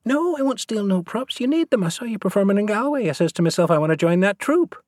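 A man's voice: mid-range voice, huge pitch swings, husky, no echo, studio quality, voice pushed up, heavily acted. A man voicing a scrappy, cheeky ten-year-old traveller boy in an audiobook reading. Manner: cheeky, fast garbled talk.

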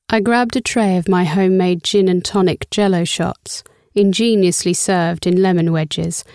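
A woman's voice: on the low side, warm tone, no echo, clean studio sound. A young adult woman narrating a first-person story in a wry, sarcastic and profane way. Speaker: audiobook narrator.

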